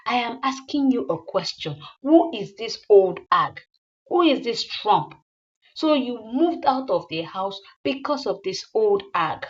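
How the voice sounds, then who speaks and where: A woman's voice: fairly high pitch, animated, unhurried, hardly any pauses, dull audio. A woman voicing an accusing young woman. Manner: loud, accusing, repeating herself. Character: angry young woman confronting her man.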